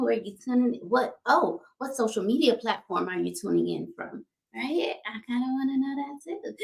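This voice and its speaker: A woman's voice: high voice, gravelly, fairly bright tone. A woman hosting a livestream talk show, upbeat and chatty, often laughing and repeating herself. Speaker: host.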